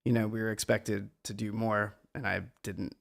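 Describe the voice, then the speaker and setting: Play a middle-aged musician sitting in as a guest, gravelly at the edges, looping back on his thoughts and undercutting himself as he reflects on the past. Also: lowish voice, level tone, normal speed. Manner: meandering, reflective, self-deprecating. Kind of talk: casual conversation.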